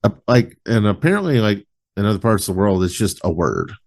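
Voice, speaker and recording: Laid-back, low-voiced male podcast host. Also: very animated, a little fast, creaky, darkish tone. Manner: rambling, with many "like" fillers. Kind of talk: casual podcast chat.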